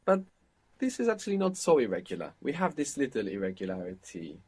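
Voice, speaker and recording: A man with a slightly husky voice gives a spoken language lesson. He explains points patiently and prompts his learner to answer and repeat. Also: medium pitch, huge pitch swings, a little fast, a little mellow. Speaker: language teacher.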